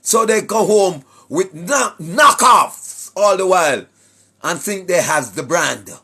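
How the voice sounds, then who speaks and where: A Jamaican man giving a preachy monologue to his viewers, emphatic, often shouting, tagging his points with questions. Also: sits high, expressive, slow, gravelly, breathy edge. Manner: emphatic, often shouting, tags lines with "right?". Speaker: online commentator.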